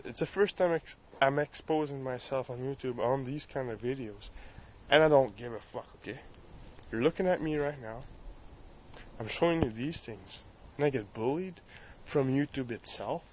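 A man's voice: mid-range voice, moderate pace, long pauses, a little mellow, a little hiss or hum, low-quality recording. Man, Acadian French Canadian accent, furious profane rant, repeats himself, outdoors, phone mic. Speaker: vlogger. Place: outdoors near his home, filming the sky. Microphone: cell phone camera.

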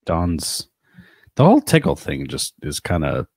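Deep, husky man in halting chat. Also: wildly swooping pitch, darkish tone, no echo, clean studio sound. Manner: halting, trails off with "I don't know". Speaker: podcast co-host. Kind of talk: casual chat.

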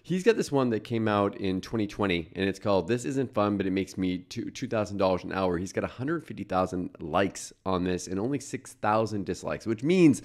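A man with a very low voice talks casually through a video he is reacting to. He chats along with plenty of "uh" fillers, as a host speaking to his viewers. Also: lively intonation, brisk, few pauses, a little mellow. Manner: chatty, with frequent "uh" fillers.

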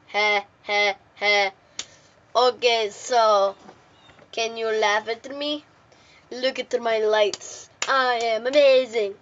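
A woman's voice: fairly high pitch, dull audio. A woman voicing a goofy male vampire who boasts that he is amazing.

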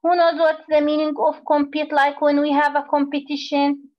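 A woman teaching a phonics lesson to young children, explaining slowly and repeating words. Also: sits high, monotone, lo-fi sound. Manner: slow, drawn-out teacherly explaining with repetition.

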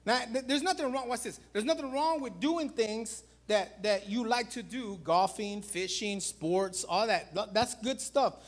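A pastor preaching a sermon in an animated way, calling out to the congregation and swinging between loud calls and low, quiet emphasis. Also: male voice, measured pace, few pauses. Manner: animated preaching, repeats "watch this" and "guys".

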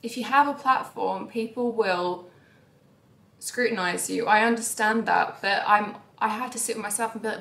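A young woman vlogging about her life in a candid, emotional way. Her voice swings between soft, sighing lines and sudden raised outbursts. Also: fairly high pitch, moderate pace, vocal fry, echoey room. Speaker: YouTuber. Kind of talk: confessional vlog talk.

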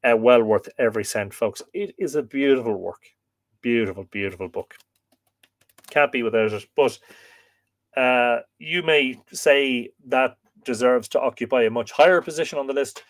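A man's voice: mid-range voice, normal speed. A man hosting a live stream, chatting casually, rambling with many fillers and restarts as he reads viewer comments. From Ireland. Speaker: host of a live stream on Irish mythology.

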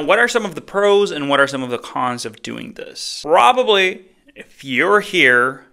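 A man's voice: a little high, vocal fry, sharp tone. A man hosting a casual tutorial, explaining in a chatty, upbeat way. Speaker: tutorial host. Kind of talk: casual screen-recorded tutorial.

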